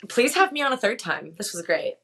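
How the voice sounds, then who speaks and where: A woman's voice: on the high side, sing-song, vocal fry, a bit bright. A woman in her thirties with a Massachusetts accent, a podcast guest talking with enthusiasm and teasing humor. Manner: enthusiastic, teasing, quick to laugh. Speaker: guest, whale conservationist. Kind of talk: casual interview chat.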